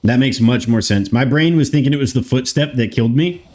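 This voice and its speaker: A thirtysomething American game streamer talks a little fast in a mid-range, darkish voice, with faint music in the background. He rambles, reads and answers chat, and swears casually while commenting on play.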